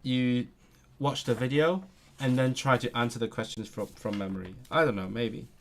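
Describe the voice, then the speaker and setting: A man's voice: mid-range voice, fairly even intonation, moderate pace, gravelly, a little hiss or hum. A man on a casual live stream, thinking aloud as he works through language exercises, hesitating often and repeating words.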